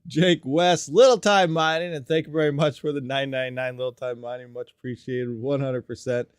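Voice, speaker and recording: A man's voice: mid-range voice, steady tone, normal speed, smooth, no room sound, clean studio sound. A man hosting a casual live stream, chatty and joking, greeting viewers by name from a desk mic at his workstation. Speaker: livestream host.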